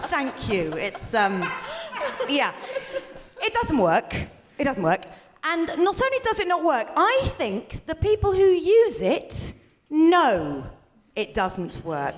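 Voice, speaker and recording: A woman's voice: on the high side, sing-song, measured pace. A woman co-hosting a live comedy podcast, doing self-mocking, sarcastic stand-up on stage before an audience. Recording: live stage recording with background noise.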